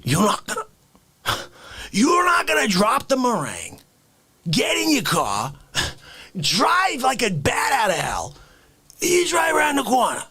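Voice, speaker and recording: A man doing a husky, rambling old crank. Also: fairly high pitch, wildly swooping pitch, measured pace, long pauses, voice pushed down, exaggerated voice. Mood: ranting. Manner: rambling rant, bursts into shouts. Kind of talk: comedic improvised rant.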